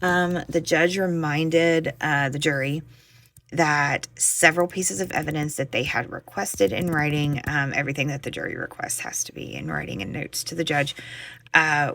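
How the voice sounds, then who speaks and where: A woman's voice: sits low, normal speed, creaky, a bit bright. A young woman, chatting casually with fillers and restarts in a true crime video update. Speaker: true crime content creator.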